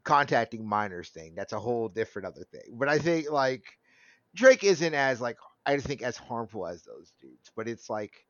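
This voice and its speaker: A man's voice: medium pitch, big pitch swings, moderate pace, fairly bright tone, no room sound, muffled recording. A man in his thirties in casual chat, rambling and laughing often. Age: 30s.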